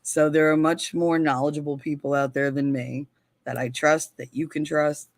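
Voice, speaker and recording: Woman, tired and worn-out voice, animated, laughing, swearing, dry sound. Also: deep voice, normal speed, no echo. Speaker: guest. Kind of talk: casual chat.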